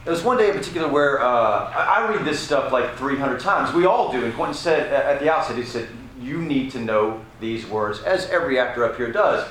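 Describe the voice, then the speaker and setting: A man on a press panel telling an animated anecdote, with lots of restarts and swearing. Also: mid-range voice, brisk, few pauses. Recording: echoey room, background noise.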